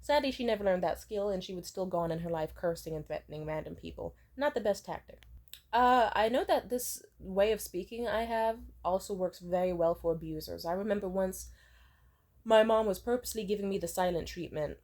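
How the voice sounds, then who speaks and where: A woman in her twenties telling personal stories in a casual vlog, blunt and profane, with lively swings in pitch and loudness. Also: a little fast. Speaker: vlogger. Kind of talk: casual storytime monologue.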